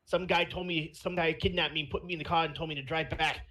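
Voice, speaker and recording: A man's voice: steady tone, fast talker. A man putting on a Chinese accent to voice a kidnapped man begging the police for help in broken English. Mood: pleading. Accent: put-on Chinese accent. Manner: high, pleading, yelling for help.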